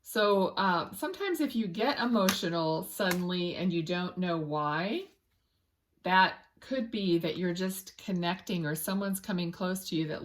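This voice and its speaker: This woman reads tarot as a medium in a loose, meandering way, frequently groping for words and restarting her sentences. Her voice is lowish, and she quietly murmurs to spirit between cards.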